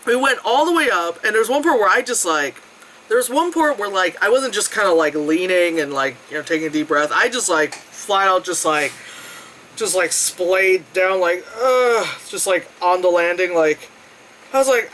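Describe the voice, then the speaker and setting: A vlogger tells a trip story in a loose, rambling way, with plenty of fillers and swearing. The voice leaps around a wide, lively pitch range. The tone is bright and sharp. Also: a little slow, a little hiss or hum, low-quality recording. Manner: animated, jumping between high and low tones. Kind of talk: casual travel storytelling.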